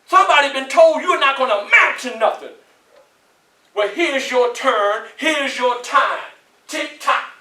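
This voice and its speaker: A man with a Southern US accent giving a motivational speech to students in a college hall, preachy and animated, often asking the crowd questions. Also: very high voice, a little slow. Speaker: motivational speaker. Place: large echoey college hall. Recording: echoey hall, voice from far off.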